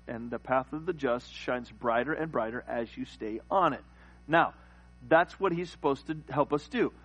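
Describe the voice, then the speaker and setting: Husky-voiced preaching man. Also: on the high side, a bit bright, rough recording. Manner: preaching, rising to emphatic peaks. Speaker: pastor. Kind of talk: sermon.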